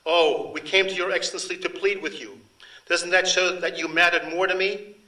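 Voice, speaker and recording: A man's voice: sits high, steady tone, moderate pace, pushed and bright, distant mic, voice pushed up, poor audio. A man reading aloud, voicing a devout young peasant woman who pleads emotionally with her master. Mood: imploring. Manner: emotional, imploring.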